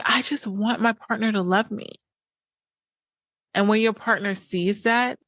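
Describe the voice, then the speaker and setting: A woman's voice: fairly low pitch, fairly bright tone, no echo. A woman podcast host and coach giving direct relationship advice in a blunt, emphatic monologue, repeating points for weight.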